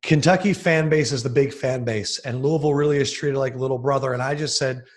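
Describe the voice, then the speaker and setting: A young man, a sports TV host from the Philadelphia area, telling stories in a casual podcast interview with animated, excited bursts. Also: mid-range voice, a little fast.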